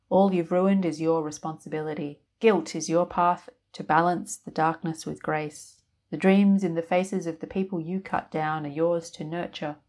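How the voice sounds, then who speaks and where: A weary woman who runs a laundromat and sees the future, blunt and short on patience, as a woman narrator plays her. She talks in flat, clipped orders, in a voice that sits on the low side. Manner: curt, flat and commanding.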